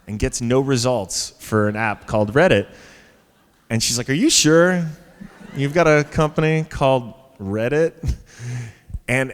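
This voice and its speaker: Guy rambling thru a funny story onstage, lowish voice, big hall echo. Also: smooth. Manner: chatty, lots of fillers and restarts, laughs at his own story. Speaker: panel guest. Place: conference stage before an audience. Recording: hall reverb from a live stage.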